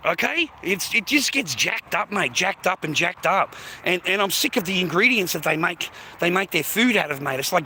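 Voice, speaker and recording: A man's voice: sits high, sharp tone, a little hiss or hum. An Australian man rambling casually during a walk-and-talk live stream, calling everyone "mate" and swearing now and then. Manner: chatty, rambling, peppers speech with "mate" and "bro", swears. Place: outdoors, walking along streets. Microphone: phone held while walking.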